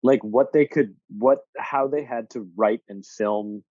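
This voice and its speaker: A man appearing as a podcast guest, chatting in a relaxed, thoughtful way with hesitations. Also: mid-range voice, measured pace, no room sound, lo-fi sound. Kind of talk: casual chat.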